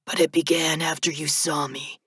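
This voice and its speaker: A woman voicing an ancient male reaper in an audiobook, speaking in a slow, strained, dry and cracked monotone whisper. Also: low-pitched, husky, no echo, exaggerated voice. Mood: cold, insistent. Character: ancient male reaper turning human, cold. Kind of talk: audiobook narration.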